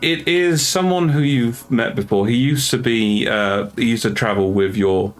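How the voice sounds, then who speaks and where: A man's voice: medium pitch, normal speed, soft background music. A man narrating a tabletop game as game master, rambling and hesitant with many fillers.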